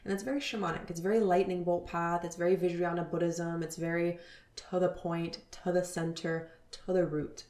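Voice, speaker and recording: A woman in her thirties hosting a spiritual podcast, talking earnestly and dropping into soft whispers. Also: lowish voice, flat delivery, normal speed, reverberant. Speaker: podcast host.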